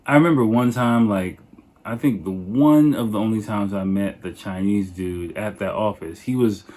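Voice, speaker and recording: Laid-back, low-voiced man telling a story. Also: moderate pace, a little mellow. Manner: laid-back, profane, rambling. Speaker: podcast host. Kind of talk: casual storytelling.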